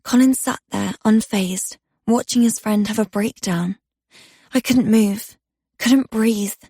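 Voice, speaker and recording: A woman narrating a dark romance audiobook in the first person, telling it with intimate tension. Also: mid-range voice, takes it slowly, breathy edge, no echo, clean studio sound.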